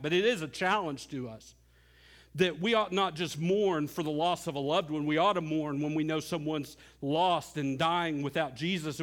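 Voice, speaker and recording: Soft, low lines give way to loud, rising ones as a middle-aged male pastor preaches his sermon in earnest.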